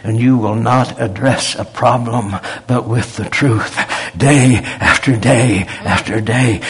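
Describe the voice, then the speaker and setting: This preacher, a man with a mid-range voice that has a breathy edge, gives a folksy, story-filled sermon. His delivery is conversational but builds to emphasis as he drives his points home.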